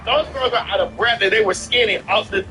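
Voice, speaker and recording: A co-host on a gaming stream, bantering casually in a sassy, blunt, animated way. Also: medium pitch, fairly quick. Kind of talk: casual chat while gaming. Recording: roomy, distant mic, loud music behind.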